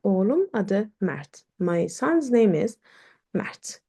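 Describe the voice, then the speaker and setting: A woman teaching a language lesson in English, explaining slowly with many fillers and repeated words. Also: medium pitch, sing-song, creaky, mellow, husky. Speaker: Turkish teacher.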